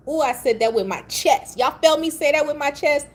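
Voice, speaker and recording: A woman's voice: high-pitched, expressive, fairly quick, few pauses, husky. A woman giving a casual tarot reading, blunt, profane and chatty, drifting into playful tangents. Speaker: tarot reader. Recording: faint background noise.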